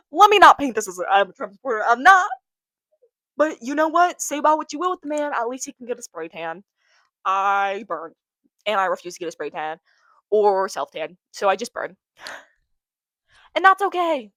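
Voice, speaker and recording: A woman's voice: medium pitch, very animated, fairly quick, a bit bright, no echo. A young woman hosting a casual solo podcast, rambling and giggly, a little congested from allergies. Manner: rambling, giggly, self-interrupting. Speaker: podcast host.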